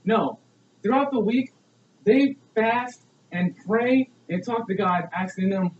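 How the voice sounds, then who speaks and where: A young man delivers a persuasive speech in an earnest, preachy way, leaning on rhetorical questions. His voice sits high for a man. The sound is roomy and dull, picked up from some distance away. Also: slow, a little hiss or hum. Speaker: student speaker.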